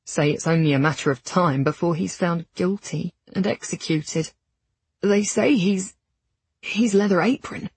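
Woman doing a rattled lower-class male servant, halting, slightly lower and slower, breathy, dry read. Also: darkish tone, no room sound. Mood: shaken. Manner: halting, rough common speech.

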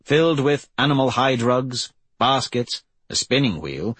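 Husky low-voiced guy reading an audiobook, dry close sound, steady pace. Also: measured pace, dry recording. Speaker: audiobook narrator. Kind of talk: scripted narration.

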